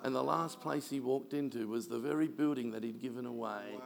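A man's voice: medium pitch, a little fast, vocal fry. A man, a pastor telling stories in a sermon and mimicking the people he quotes. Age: 60s. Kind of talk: sermon storytelling.

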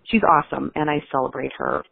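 A woman from Chicago calling in to a radio show, gushing warmly about a friend. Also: deep voice, fairly even intonation, fast, creaky, husky. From Chicago, USA. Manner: warm, gushing praise of a friend. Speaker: caller. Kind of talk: call-in message. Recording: tinny phone line.

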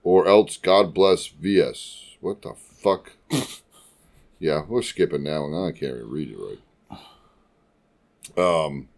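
A man co-hosting a relaxed, crude chat, reading antique slang aloud. He talks slowly, with a lot of swing in his pitch. He keeps laughing as he goes. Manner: laughs often, drawls and lingers over words. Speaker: podcast co-host.

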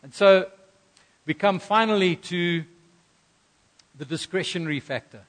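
A middle-aged pastor preaches a sermon from the pulpit a little slowly, his voice slightly higher than most men's. He tells his story earnestly, pushing certain phrases out with sudden emphasis.

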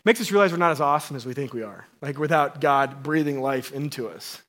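Speaking fast in a mid-range voice, a man in his thirties who is a pastor delivers a playful, casual sermon. He alternates between loud, emphatic moments and quiet, hushed ones.

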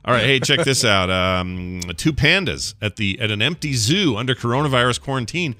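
A middle-aged man co-hosting a casual podcast, telling stories and ranting in an animated way. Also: medium pitch, normal speed, no room sound. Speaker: podcast co-host. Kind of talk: casual chat.

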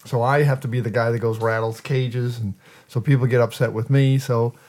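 A man's voice: medium pitch, fairly even intonation, fairly quick, darkish tone. A middle-aged man co-hosting a casual podcast, telling blunt, profane stories about work and mimicking the people in them. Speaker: podcast co-host. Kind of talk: casual storytelling chat.

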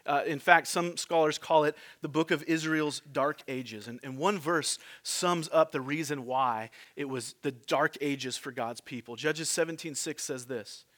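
A man's voice: a little high, a little slow, hardly any pauses, a bit bright. A man preaching a sermon as pastor, conversational and teasing the congregation with asides and questions.

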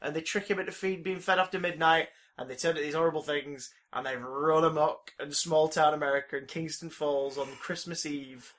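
A man's voice: on the high side, a little fast, hardly any pauses. A man chatting casually, retelling a film with lots of energy and swearing now and then. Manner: animated retelling, acts out scenes, swears casually. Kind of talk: casual chat.

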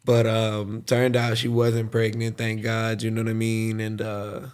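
A man's voice: on the low side, monotone, unhurried, clear, resonant tone. A young man co-hosting a podcast, telling a story in a laid-back, profane way and laughing often. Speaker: podcast co-host. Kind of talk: casual chat, storytelling.

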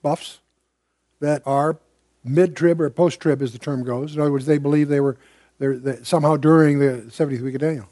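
A man's voice: on the high side, steady tone, fairly quick, warm tone, dry recording, studio quality. An older man teaching the Bible verse by verse to a room, conversational and digressive, with emphatic asides. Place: room with a live audience.

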